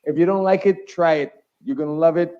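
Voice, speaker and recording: A man's voice: on the high side, a little fast, mellow, lo-fi sound. A man from Canada, a guest rapper, chatting casually over a video call and laughing easily.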